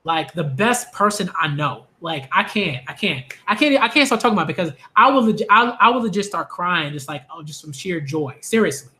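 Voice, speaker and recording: Bright-voiced man ranting on camera. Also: high-pitched, brisk, hardly any pauses. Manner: animated, exasperated, repeats phrases for emphasis. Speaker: manga commentator. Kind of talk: ranting commentary vlog.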